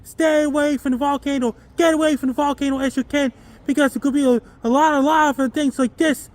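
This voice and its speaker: A man with a very high voice gives an earnest weather forecast on a comedy show. He repeats himself and reads long lists in a flat, narrow sing-song. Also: brisk. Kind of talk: earnest scripted-style forecast.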